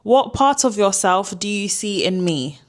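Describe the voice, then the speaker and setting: A woman's voice: medium pitch, expressive, a little slow. Young woman, chatty, talking to viewers. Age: early 20s. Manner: chatty, addresses viewers directly. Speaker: daughter asking questions. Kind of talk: casual chat.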